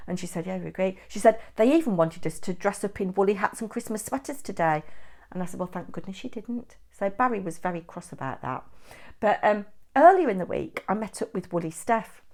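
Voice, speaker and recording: A middle-aged woman from England, chatting and telling stories in a vlog update, animated and ranting at times. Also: mid-range voice, vocal fry. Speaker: craft vlogger.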